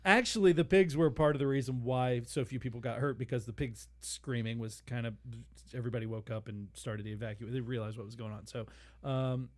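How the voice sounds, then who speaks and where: A man's voice: medium pitch, fairly quick. A man co-hosting a comedy podcast, telling a history story in a casual, laughing way with goofy voices. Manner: animated, laughing, puts on silly voices. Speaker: podcast co-host.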